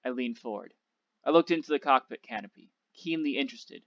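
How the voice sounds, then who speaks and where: A male teacher reading a novel aloud to his class, with a steady, measured storytelling delivery. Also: mid-range voice, no room sound. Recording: dull, dry lo-fi recording.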